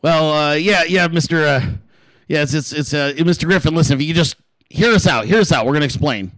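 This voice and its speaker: A man's voice: on the high side, a little fast, fairly bright tone, no room sound, pitched below the performer's own voice, close to an everyday voice, low-quality recording. A man putting on a nervous male campaign staffer who stammers and tries to placate his boss. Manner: hesitant, stammering.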